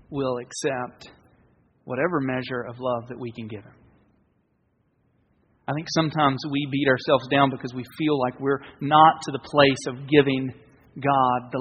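Husky man preaching in a hall. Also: medium pitch. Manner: earnest, conversational preaching with pauses and restarts. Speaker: pastor. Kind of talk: sermon. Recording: dull, reverberant hall sound.

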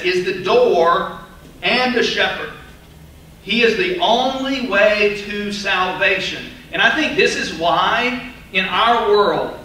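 Male pastor, high voice, lively sermon delivery, roomy hall sound with faint hiss. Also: distant mic. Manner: animated, emphatic preaching with asides. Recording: echoey hall, voice off-mic, faint noise.

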